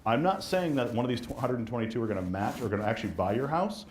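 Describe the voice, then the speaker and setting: Fast-talking man teaching real estate. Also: mid-range voice, a little hiss or hum. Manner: fast, animated, acts out quoted dialogue. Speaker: real estate marketing instructor. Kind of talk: live class talk to a room of agents.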